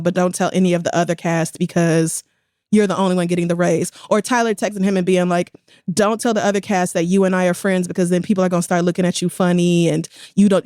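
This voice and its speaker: A woman's voice: on the low side, darkish tone, dry recording. A woman, co-hosting a podcast in casual chat. She tells the story with indignation and slips into quoted voices along the way. The sound is dry and close to the mic. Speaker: podcast co-host.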